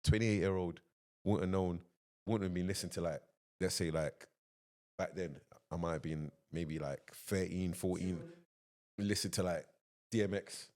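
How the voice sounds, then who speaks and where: A man's voice: sits low, moderate pace, darkish tone. A man in his thirties, a podcast guest, chatting casually and telling rambling stories. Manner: rambling, storytelling, many "like" fillers. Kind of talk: casual chat.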